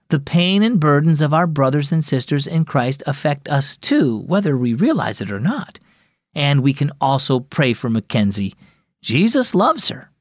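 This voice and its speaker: A man voicing a gentle, caring mother in a children's story, speaking calmly and reassuringly. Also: medium pitch, no echo, clean studio sound.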